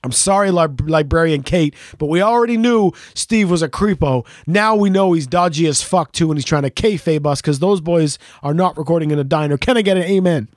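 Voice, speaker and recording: A middle-aged man with a notably high voice, chatting loosely on a podcast. He rambles and jokes and swears freely. The sound is close and dry, with no room around it. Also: brisk, few pauses, no echo. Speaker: podcast co-host. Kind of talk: casual chat.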